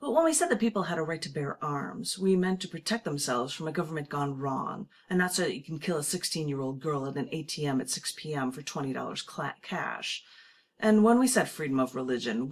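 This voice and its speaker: A woman voicing the ghost of a founding father, an older man who is chatty, blunt and folksy, with a husky edge. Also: deep voice, full character voice. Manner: casual, rambling, folksy.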